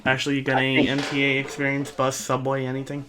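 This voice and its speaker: A man's voice: mid-range voice, monotone, quick pace, over a noisy crowd. A young man co-hosting a podcast, hesitantly prompting the others for stories. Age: young adult. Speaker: podcast co-host. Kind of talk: casual chat.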